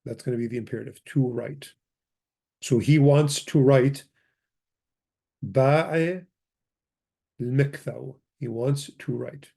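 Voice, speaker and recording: A man teaches a grammar lesson in a casual, talky way, reading from a book and stopping to correct himself. His voice is mellow and dark, at an ordinary middle pitch. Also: slow, creaky, pauses often. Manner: casual, thinks aloud, corrects himself, mutters asides. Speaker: language teacher.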